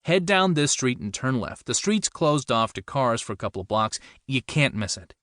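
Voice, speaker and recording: A calm, patient police officer, voiced by a man, firm but kind and steady. His voice is mid-pitched and even, and the recording is close and dry. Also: dry recording. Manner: measured, calm authority.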